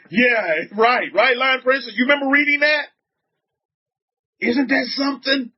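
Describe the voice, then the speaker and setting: A man from the Southern United States gives an informal religious talk to a group, repeating himself, restarting often, and firing rhetorical questions at his listeners. His pitch is extremely high, and he speaks slowly with long pauses. The highs are cut off in the audio.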